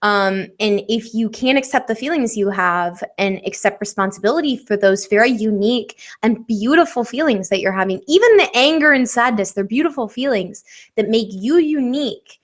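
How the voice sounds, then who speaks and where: A woman's voice: fairly high pitch, lively intonation, normal speed. A woman co-hosting a podcast in casual chat, speaking candidly and rambling with frequent ums. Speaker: podcast co-host.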